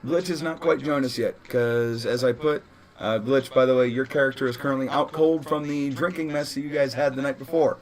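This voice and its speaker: A man's voice: medium pitch, brisk, a little hiss or hum. A man running a tabletop role-playing session as game master, casual and laughing, often correcting himself.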